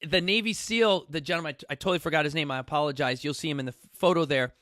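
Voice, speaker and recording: A man talks casually to a studio audience, full of energy and acting out bits of his stories. His voice sits high and sounds bright. The recording is dry and close. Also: racing, no echo. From New York City. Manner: animated, repeats "you guys", acts out quotes. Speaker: fitness coach hosting a talk.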